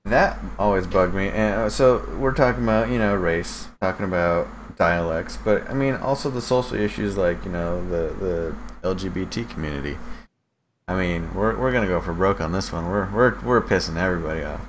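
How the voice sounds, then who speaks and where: Man, low voice, podcast co-host, rambling, casual swearing, faint noise behind. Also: normal speed. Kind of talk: casual chat.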